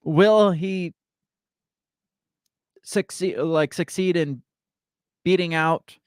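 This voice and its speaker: A man co-hosting a podcast from the Midwestern US, chatting casually about politics and reading news articles aloud in an animated way. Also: high voice, very slow, clean tone, no room sound, clean studio sound. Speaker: podcast co-host.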